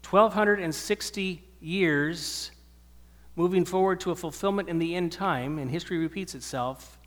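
A man's voice: high voice, normal speed. Male preacher in an echoing hall. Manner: earnest, swelling to emphatic preaching. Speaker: pastor. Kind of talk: sermon. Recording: long hall reverb.

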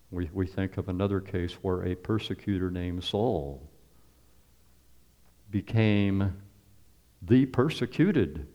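Deep-voiced preacher in an echoing hall. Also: male voice, a little mellow, muffled recording. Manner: earnest, repeats words as he goes, rhetorical questions. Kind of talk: sermon. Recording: long hall reverb.

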